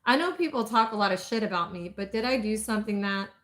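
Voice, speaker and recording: Woman voicing insecure young woman, breathy, hesitant, romance audiobook, mid pitch. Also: animated, fast, fairly bright tone, natural voice.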